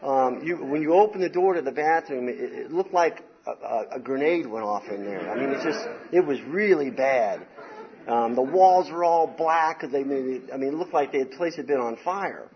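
A man's voice: medium pitch, normal speed. Rambling storytelling man, slightly dull recording. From Southern US. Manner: rambling and animated, peppered with "man" and "you know". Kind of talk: casual personal storytelling.

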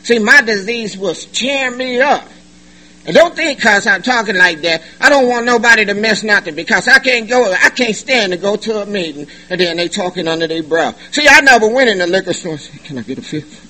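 A middle-aged man giving a personal testimony at a recovery meeting, animated and joking, in loose slangy talk. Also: high-pitched, fairly quick, rough recording. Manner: animated, joking, colloquial, laughs often. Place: meeting room.

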